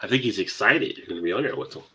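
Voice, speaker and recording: A man's voice: lowish voice, animated, rapid-fire, pushed and bright, slight background noise. A man joking and teasing his friends in a casual drinking chat. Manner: joking, teasing, laughs often.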